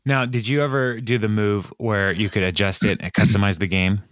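A man's voice: on the low side, steady tone, fairly quick, fairly bright tone, dry recording, clean studio sound. A man recapping a TV episode in casual chat, laughing often and acting out lines. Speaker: podcast co-host.

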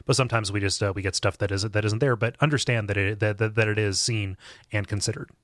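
A man co-hosting a podcast, reading listener responses and chatting in a relaxed way. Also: on the low side, quick pace, dry recording, studio quality. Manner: relaxed, with short agreeing interjections. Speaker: podcast co-host.

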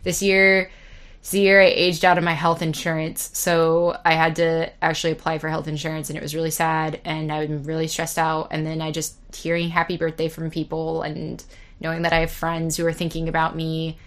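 A young woman in her twenties talks on her own podcast in a loose, rambling way, swearing freely and laughing at herself. Her voice sits a little low for a woman. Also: monotone, normal speed, fairly bright tone. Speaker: podcast host. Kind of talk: casual solo podcast chat.

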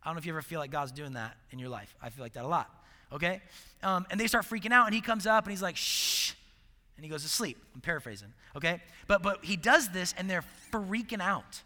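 A man preaching a sermon in a conversational, animated way, swinging between loud emphasis and hushed asides. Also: high voice, fast, long reverb tail.

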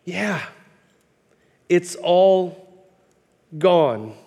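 A man with a notably high voice delivers an impassioned sermon, telling stories and repeating words as he builds momentum. His voice rings with the long reverb of a church sanctuary. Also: animated, drawn-out words, a little mellow. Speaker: pastor. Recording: hall reverb.

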